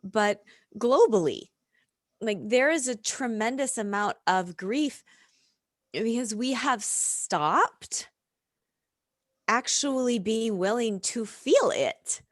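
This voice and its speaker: Slow, reflective American woman. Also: on the high side, lively intonation, no echo, clean studio sound. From United States. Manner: reflective, unhurried, laughs often. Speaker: guest, yoga and reiki practitioner. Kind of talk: casual podcast chat.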